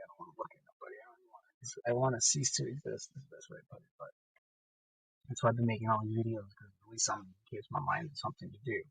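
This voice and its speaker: A gravelly, husky man talks straight into a phone from his car, blunt, excitable and quick to swear. His tone is bright and forceful, and the sound is dry, with no room echo. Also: mid-range voice. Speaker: horror movie vlogger. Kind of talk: casual ranting monologue. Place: inside a car. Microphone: phone held away from the mouth.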